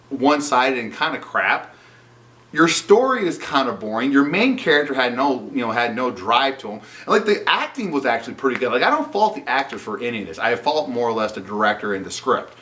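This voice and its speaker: A man's voice: medium pitch, big pitch swings, fairly quick, pushed and bright, far from the mic. A man giving an opinionated spoken movie review, sarcastic and indignant, often saying "you know". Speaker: film reviewer.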